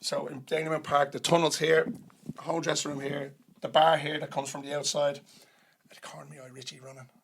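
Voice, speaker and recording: An Irish man on a podcast as a guest, telling a lively story and acting out the voices of others. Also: a little high, brisk, vocal fry, slight background noise. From Ireland. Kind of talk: storytelling in casual chat.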